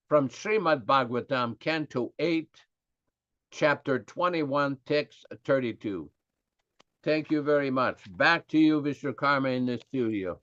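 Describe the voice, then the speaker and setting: A man's voice: medium pitch, unhurried, a bit bright, no room sound. A man reading a short scripted passage and handing back to the studio. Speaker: segment presenter. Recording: dull lo-fi recording.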